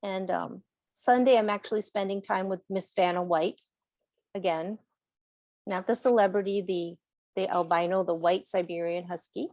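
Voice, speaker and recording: A woman's voice: medium pitch, steady tone, moderate pace, darkish tone, no echo. A woman on a podcast, chatting in a rambling way about animals and laughing often. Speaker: animal communicator. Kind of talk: casual chat on a podcast.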